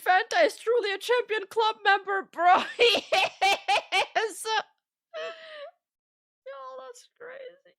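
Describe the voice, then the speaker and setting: A woman streamer giving casual reaction commentary, excitable, laughing often and swearing. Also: extremely high pitch, slow pace, vocal fry, pauses often.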